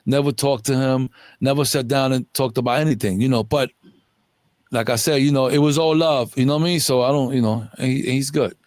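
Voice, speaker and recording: A man's voice: medium pitch, fairly quick, a little mellow, no echo. A middle-aged man telling a long story in an interview, rambling in profane street slang. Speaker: interview guest.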